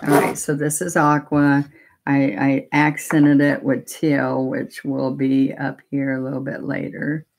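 A woman's voice: extremely low pitch, completely flat delivery, unhurried, vocal fry, darkish tone. A woman demonstrating a painting technique live, explaining each step in a chatty, step-by-step way. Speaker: painting instructor.

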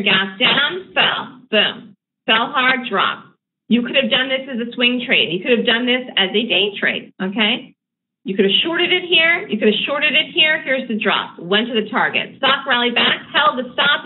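A woman running a live trading webinar, teaching chart patterns in a brisk, emphatic, conversational way. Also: on the high side. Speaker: day trading educator. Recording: tinny phone-like line with faint noise.

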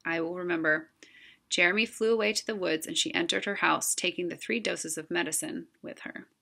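Lady reading a kids book out loud, calm, low creaky voice. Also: fairly quick. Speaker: storybook reader. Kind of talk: reading a children's novel aloud.

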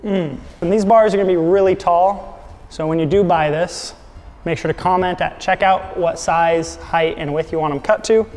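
A man's voice: sits high, steady tone, moderate pace, a little mellow, close to an everyday voice. A man putting on a hammy, cheerful Irish accent as a jokey bearded builder. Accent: put-on Irish. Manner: playful, jokey sales patter. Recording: reverberant room, faint music.

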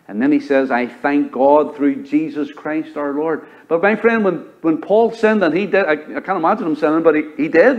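A man with a Southern US accent preaching a sermon as pastor, rising to loud high exhortation and dropping to low, quiet emphasis. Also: animated, moderate pace, highs cut off. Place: church sanctuary.

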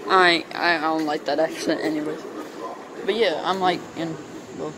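A young male vlogger with a light Southern US accent rambles through a casual home vlog on a handheld camera, full of "like" fillers. His voice is fairly high, with fairly even intonation and a moderate pace, in noisy home-video audio.

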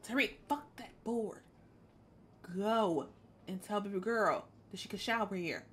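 A woman's voice: medium pitch, a little slow, a bit bright, slightly rough. A woman streaming a life-sim game, chatting casually in playful slang and bossing around her characters. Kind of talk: casual gameplay commentary.

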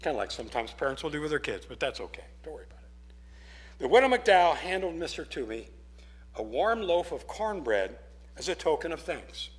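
Lively expressive storytelling pastor. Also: male voice, fairly high pitch, brisk. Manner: expressive read-aloud with casual asides. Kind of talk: storytelling sermon. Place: church.

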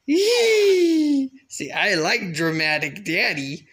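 A father gently coaxing his baby in a home video, sometimes turning playfully dramatic. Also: fairly high pitch, lively intonation, slow pace, long pauses.

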